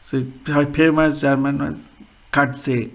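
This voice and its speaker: Slow-talking man teaching a language. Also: mid-range voice, poor audio. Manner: unhurried, repeats words, non-native English phrasing. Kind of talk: slow spoken lesson.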